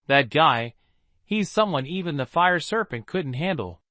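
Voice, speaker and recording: A man's voice: a little high, expressive, unhurried, pushed and bright, dry recording. A man voicing a proud male spirit bird who is flustered and indignant. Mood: awkward.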